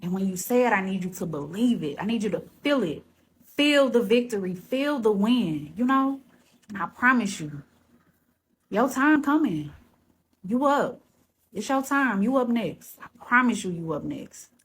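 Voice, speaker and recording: A woman's voice: medium pitch, very animated, moderate pace, slight background noise. A woman vlogger telling her personal story in a casual, heartfelt way, then urging listeners to keep going like a preacher. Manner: earnest and encouraging, casual and heartfelt. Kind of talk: personal testimony vlog.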